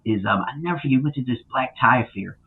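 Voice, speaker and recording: Husky man telling stories over a tinny line. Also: medium pitch, quick pace. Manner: animated, lots of fillers, acts out quotes loudly. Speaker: podcast guest. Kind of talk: casual interview storytelling.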